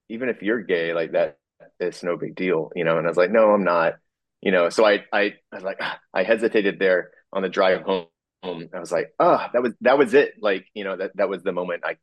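Very deep-voiced man, halting storytelling. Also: no room sound, dull audio. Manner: halting, full of fillers and restarts; chuckles through the telling. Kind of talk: personal storytelling.

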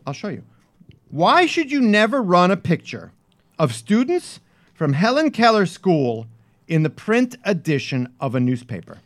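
Animated, teasing male co-host. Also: sits high, unhurried, no room sound, studio quality. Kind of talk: casual radio-style news quiz banter.

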